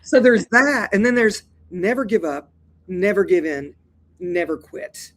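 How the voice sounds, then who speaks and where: A woman in her sixties, an actor and therapist, talking as a guest in an interview in an animated, colloquial way, calling listeners "y'all". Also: medium pitch, measured pace. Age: 60s. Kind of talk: lively interview conversation.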